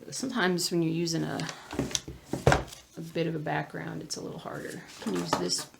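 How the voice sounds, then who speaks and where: Low gravelly Southern woman. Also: flat delivery, normal speed, very noisy. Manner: chatty, muttering to herself, drops into whispers. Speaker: cross-stitch vlogger. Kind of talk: casual chat while stitching. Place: at home.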